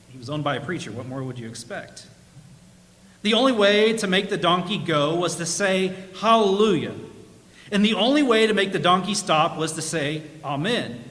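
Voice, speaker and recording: Chatty male pastor, bright high voice, long church reverb, tells jokes in his sermon. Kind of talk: sermon with humorous storytelling. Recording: echoey church hall.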